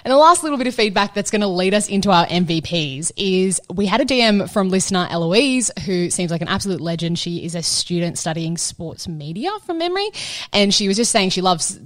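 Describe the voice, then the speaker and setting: A woman's voice: mid-range voice, very animated, brisk, fairly bright tone, no room sound, clean studio sound. A woman hosting a sports podcast with other women, chatty and upbeat. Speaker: podcast host. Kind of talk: casual chat.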